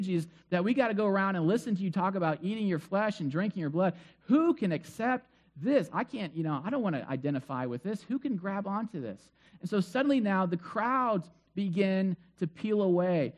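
A male pastor giving a sermon in a chatty storytelling way, full of asides. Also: sits high. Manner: conversational storytelling with many asides.

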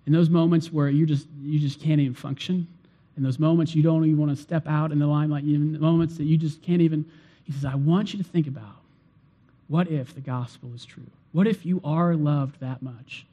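Male pastor, higher register, emphatic sermon delivery with repetition and slowed stress. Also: steady tone, dark tone, muffled recording. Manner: emphatic, repeats phrases, slows for emphasis.

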